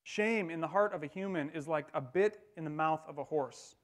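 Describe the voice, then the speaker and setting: A man with a slightly higher-than-usual voice preaches to his church. He talks in a loose, conversational way and slips in dry jokes between his points. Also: normal speed. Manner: conversational, wry humor while preaching. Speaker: pastor. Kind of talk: sermon.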